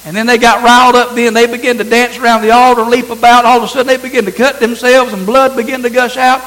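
A man's voice: very high voice, level tone, fast talker, a bit bright, poor audio. A man preaching a sermon, reading scripture aloud and repeating phrases for emphasis.

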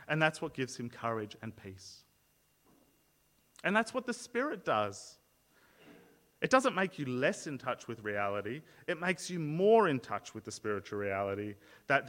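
A man's voice: medium pitch, a bit bright, long reverb tail. A man preaching a sermon as pastor, explaining earnestly and often repeating words as he restarts a thought.

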